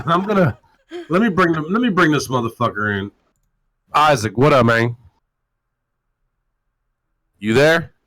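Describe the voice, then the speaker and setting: A man hosts a profane live-stream show, tearing into his target with crude mockery. His voice sits fairly high and bright and swoops up and down as he vents. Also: rough recording. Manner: loud, mocking and crude, swinging widely in pitch. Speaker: talk show host.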